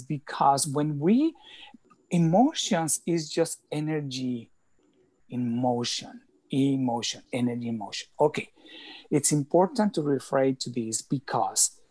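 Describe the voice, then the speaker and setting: A man talks as a guest coach in an interview, earnest and explanatory, often restarting his phrases. His voice sits in an ordinary middle pitch. The sound is dry and close, with little room around it. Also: darkish tone, dry recording. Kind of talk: conversational interview talk.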